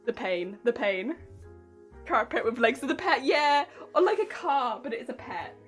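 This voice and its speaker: A high-voiced woman chats casually to her live-stream audience while working on a cosplay prop. Her pitch swoops up and down as she giggles and reacts to chat. Soft music plays quietly behind her. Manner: giggly, chatty, reading out chat. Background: soft background music.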